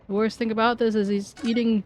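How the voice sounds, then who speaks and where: A woman's voice: a little high, flat delivery, a little fast, a little hiss or hum. Chatty woman game streamer. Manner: chatty, reacting to the game and chat. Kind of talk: casual gaming stream chat.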